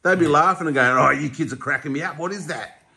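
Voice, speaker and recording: A man's voice: fairly high pitch, fast talker, vocal fry, pushed and bright, slight background noise. An Australian man in his forties, chatting casually and telling stories, laughing often and acting out voices. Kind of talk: casual chat.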